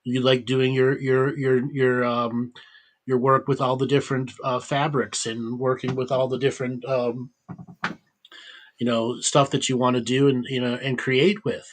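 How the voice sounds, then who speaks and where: A male host on a video call coaches a guest in an easy, steady way and keeps asking if she is following. His pitch is ordinary for a man. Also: a little slow. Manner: coaching, checks in with repeated "okay?". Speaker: host and healer. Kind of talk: casual chat.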